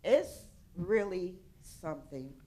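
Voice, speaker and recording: A woman from Flint, Michigan, speaking from the audience at a panel and giving an emotional, heartfelt personal account that turns loud and strained. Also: on the low side, expressive, slow. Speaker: audience member.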